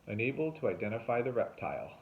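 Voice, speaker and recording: A man, a teacher, reading a novel aloud with expressive storytelling. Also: fast. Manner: expressive storytelling with lively pitch. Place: home, remote recording. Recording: tinny phone-like sound.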